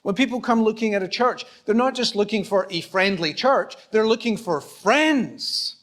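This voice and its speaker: The voice is a man's, high-pitched with lively intonation and a fairly bright tone, moving at a moderate pace. He's a Scottish pastor preaching conversationally in a church auditorium, acting out little exchanges and teasing himself.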